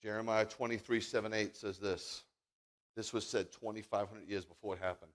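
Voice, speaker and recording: A man in his fifties, a rabbi giving a sermon, telling personal stories in an animated, jokey, emphatic way. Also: on the low side, normal speed.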